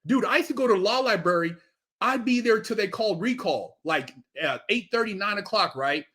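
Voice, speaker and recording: A middle-aged man telling stories as a podcast guest, animated and emphatic, swearing a lot and acting out quotes. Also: high-pitched, a little fast. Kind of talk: casual chat, storytelling.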